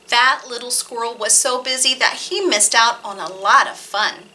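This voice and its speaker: A woman hosting a library storytime, reading rhymes and picture books aloud to toddlers in a sing-song, expressive way. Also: on the high side, normal speed, few pauses, background noise. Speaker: children's library storytime host.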